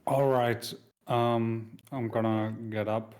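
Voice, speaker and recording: A man's voice: mid-range voice, little pitch movement, slow pace, a little mellow. A man playing a tabletop game on stream, talking hesitantly with many ums. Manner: hesitant, many ums, mutters when he slips. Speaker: player.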